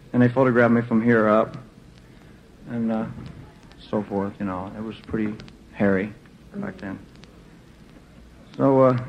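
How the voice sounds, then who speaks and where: Male performer, easygoing storyteller onstage, dull old live recording with a faint hiss. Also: mid-range voice. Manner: laid-back and joking, with many fillers and restarts. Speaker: stage performer addressing a concert audience. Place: concert stage.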